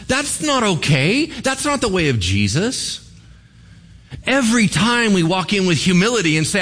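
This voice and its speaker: A man's voice: high-pitched, very animated, moderate pace, a bit bright, breathy edge. A male pastor preaching a sermon, retelling a Bible story in casual slang and acting out the characters' lines.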